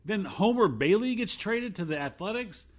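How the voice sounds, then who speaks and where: Brief: New York guy, co-host, lively sarcastic banter, voice jumps all over. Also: high voice, normal speed. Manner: sarcastic, jokey, animated. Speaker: podcast co-host. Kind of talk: casual sports chat.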